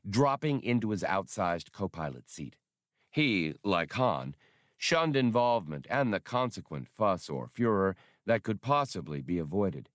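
Man, audiobook narrator, low voice, lively delivery, dry close sound. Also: dry recording. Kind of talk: audiobook reading.

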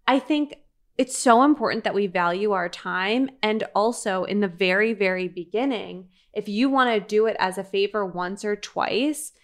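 A woman's voice: medium pitch, normal speed. Woman coach giving affirming advice. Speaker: co-host, life coach. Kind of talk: casual chat.

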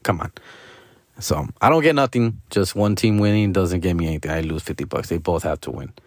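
A man's voice: low voice, fairly quick, no room sound, clean studio sound. A man gives a profane, slangy sports rant to the camera and keeps calling the listener dog or fool. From Los Angeles. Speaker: sports fan vlogger. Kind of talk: casual ranting monologue.

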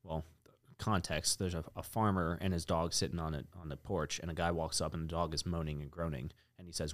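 Deep-voiced blunt man in casual chat. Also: steady tone, fairly quick, no room sound, studio quality. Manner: blunt, swears freely, tells anecdotes. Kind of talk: casual podcast conversation.

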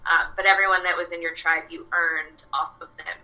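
A woman's voice: lowish voice, little pitch movement, brisk, pushed and bright, highs cut off. A young woman, a fitness coach, chatting casually with lots of fillers and quoted asides. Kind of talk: casual podcast chat. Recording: voice a bit far from the mic.

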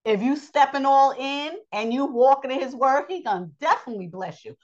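Lively woman preaching a Bible lesson. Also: sits high, brisk, muffled recording. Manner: lively preaching, calls listeners "child" and "honey"; Southern-style vernacular, repeats phrases. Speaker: Bible teacher.

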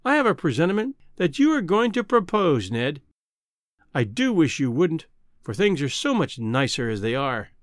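A man reading a storybook, voicing a proud young woman who gently turns down a suitor in a lightly reproving way. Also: fairly high pitch, big pitch swings, normal speed, no echo, studio quality. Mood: teasing. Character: proud, teasing young woman being courted.

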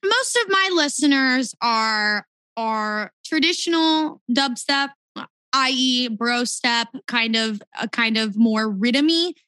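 A woman's voice: fairly high pitch, animated, slow, pushed and bright, dry recording, poor audio. A woman hosting a podcast, talking enthusiastically and casually with her guest. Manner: enthusiastic, upbeat. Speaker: podcast host. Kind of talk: casual interview conversation.

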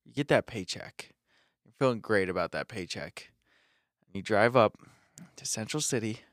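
A man's voice: lowish voice, expressive, normal speed, a bit bright, dry recording. Young man joking in a dry room. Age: young adult. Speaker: podcast co-host. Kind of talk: casual chat.

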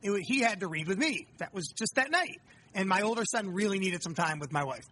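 A man's voice: sits high, lively intonation, brisk, sharp tone, slight background noise. A man in his forties, a guest author, telling candid stories about fatherhood in casual conversation, with frequent swearing. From United States.

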